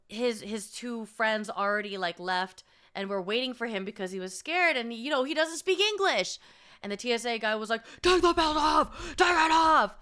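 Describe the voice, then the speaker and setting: A young woman vlogger telling stories in casual chat, profane and animated, often laughing and acting out quotes. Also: fairly high pitch, clear, resonant tone.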